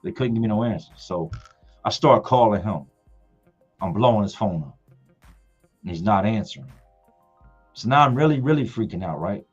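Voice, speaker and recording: A middle-aged man with a low, husky voice tells a story from his family on a casual live stream. He leans on his words and repeats them for effect. The sound is dull and lo-fi, with faint music underneath. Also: lively intonation, moderate pace, pauses often. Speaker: father telling a family story.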